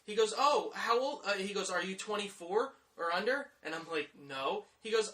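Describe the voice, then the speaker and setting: A man's voice: high-pitched, expressive, normal speed, few pauses, bright, forceful tone. A man in his thirties, co-hosting a podcast, delivering a vulgar, over-the-top comedic rant. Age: 30s. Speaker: podcast co-host.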